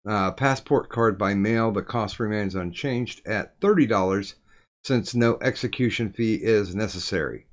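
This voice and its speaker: A man with a low voice hosting a relaxed live stream. He reads viewer messages aloud in an easygoing, conversational way, letting his voice drop off softly at the ends of thoughts. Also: measured pace. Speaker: stream host. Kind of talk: casual live-stream chat.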